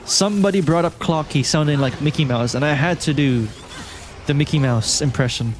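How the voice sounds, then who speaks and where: A man's voice: on the high side, a little fast, a little hiss or hum. A man from Malaysia streaming a video game and chatting casually with his viewers. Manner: relaxed, chatty, reads and answers chat. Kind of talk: casual live-stream chat. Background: faint game music.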